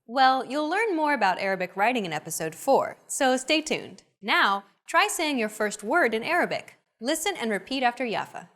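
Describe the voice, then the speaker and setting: A young adult woman hosting a language lesson in an upbeat, clear teacherly delivery. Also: fairly high pitch, very animated, normal speed, few pauses, a bit bright. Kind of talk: scripted lesson narration.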